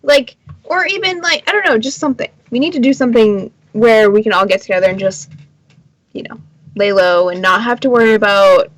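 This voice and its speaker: A woman's voice: a little high, no echo, poor audio. Chatty woman, dry close sound. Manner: enthusiastic, chatty, quick agreeing. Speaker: podcast co-host. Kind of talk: casual chat.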